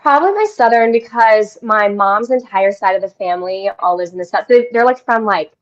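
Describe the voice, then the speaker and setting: A woman's voice: medium pitch, lively intonation, brisk. Bubbly young woman, dull lo-fi sound. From Denver area, Colorado. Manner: bubbly, laughs often, storytelling. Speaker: guest actress. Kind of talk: casual radio interview.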